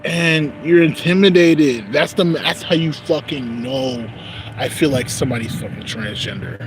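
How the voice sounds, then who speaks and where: A man's voice: on the high side, normal speed. A man in a casual unscripted vlog monologue who rambles and swears heavily, often asking "you know what I'm saying?", while walking outdoors. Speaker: vlogger. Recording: street and traffic noise.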